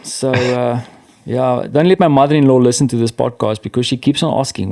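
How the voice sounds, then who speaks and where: A man's voice: mid-range voice, normal speed, a little mellow. A man with a South African accent, a podcast guest talking in a casual, self-deprecating way with many restarts. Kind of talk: casual conversation.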